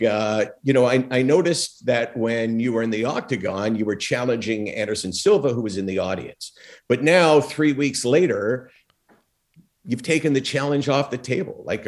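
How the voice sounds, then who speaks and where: Man, podcast guest, storyteller, acts out quotes, fillers, lively pitch. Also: normal speed. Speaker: guest, former talk show host.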